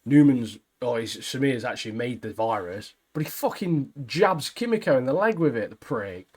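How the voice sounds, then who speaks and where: A man's voice: medium pitch, animated, normal speed, darkish tone, breathy edge. A man co-hosting a podcast, chatting casually and recapping scenes with slang and laughs. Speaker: podcast co-host. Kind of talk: casual chat.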